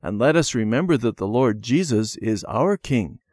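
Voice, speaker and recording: Brief: man doing a calm mother figure, near his own tone, dry. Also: medium pitch, normal speed, dry recording, close to an everyday voice. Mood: gentle. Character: gentle Christian mother.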